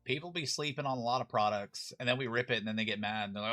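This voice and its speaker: A man's voice: medium pitch, racing, sharp tone, faint music behind. A man hosting a live card-break stream, chatting casually and arguing his opinions with lots of restarts. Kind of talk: casual livestream chat.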